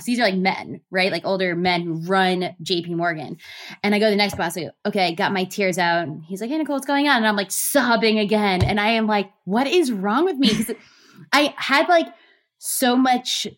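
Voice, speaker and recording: A woman in her thirties, a guest telling her story in a lively, gushing way with many fillers. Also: mid-range voice. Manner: animated, gushing, lots of fillers. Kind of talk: casual storytelling interview.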